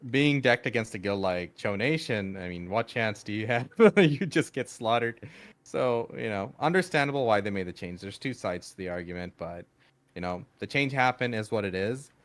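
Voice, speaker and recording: A man co-hosting a casual gaming podcast, talking frankly and relaxed, often starting with "I mean" and laughing easily. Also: fairly low pitch, moderate pace. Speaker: podcast co-host.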